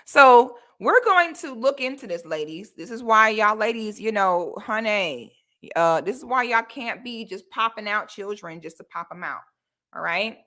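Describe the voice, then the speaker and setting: Bright sassy woman vlogger. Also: medium pitch, animated, measured pace. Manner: sassy, emphatic, addresses viewers directly. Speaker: commentary vlogger. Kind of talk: casual advice commentary.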